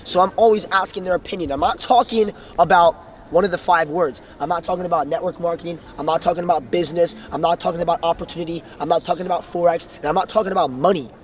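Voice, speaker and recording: Young male motivational coach, earnest, faint traffic behind, distant outdoor recording. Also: fairly high pitch. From Bahamas. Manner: earnest, enthusiastic, addresses viewers as guys. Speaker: sales trainer. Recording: distant mic, faint street noise.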